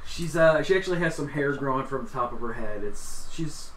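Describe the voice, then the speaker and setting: A man's voice: mid-range voice, a little fast. A man narrating a tabletop game as game master, laughing often as he describes scenes. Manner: laughs often, animated delivery. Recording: roomy echo with faint background noise.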